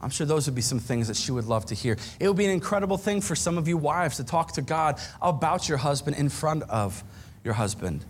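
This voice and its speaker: A man preaching a sermon on marriage, animated, acting out quoted arguments between spouses. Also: fairly high pitch, fairly quick, slight background noise. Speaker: pastor.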